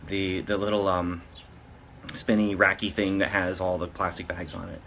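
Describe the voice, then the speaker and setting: A man talks to the camera in a relaxed, storytelling way, often circling back and correcting himself mid-sentence. His voice sits a bit low but has a bright, forceful edge. A faint hum of noise sits behind him. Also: normal speed, vocal fry. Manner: rambling, with frequent restarts and self-corrections. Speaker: vlogger. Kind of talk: casual storytelling.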